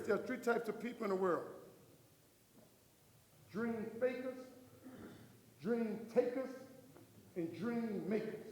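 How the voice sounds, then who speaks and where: High-voiced man giving an emphatic speech. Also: mellow. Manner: emphatic storyteller who acts out dialogue. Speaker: keynote speaker. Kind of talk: motivational speech. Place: large hall. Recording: echoey hall with long reverb.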